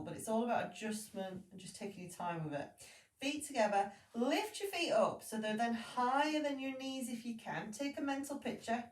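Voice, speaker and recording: Woman cueing a Pilates class. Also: a little high. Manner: calm, steady cueing with counts. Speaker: Pilates instructor. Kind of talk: guided exercise class instruction. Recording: echoey room, voice from a distance.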